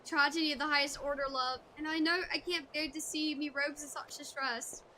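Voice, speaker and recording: A woman reading a gruff male pirate guildmaster's game dialogue aloud, with salty seafaring speech. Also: sits high, fairly even intonation, a little fast, sharp tone, slight background noise. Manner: salty seafaring speech, calls others lass.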